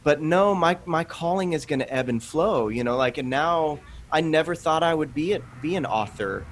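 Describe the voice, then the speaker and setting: A man in his late thirties, a guest author on a faith podcast, talking earnestly and telling animated stories with quoted asides. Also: on the high side, moderate pace, a little hiss or hum. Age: 30s. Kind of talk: conversational interview.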